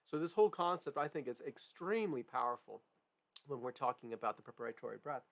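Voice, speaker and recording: Male music teacher, gravelly voice, mid pitch, checks in with the class a lot. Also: expressive, fast talker. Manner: explanatory, frequent "right?" and "okay?" check-ins. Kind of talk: piano lesson demonstration.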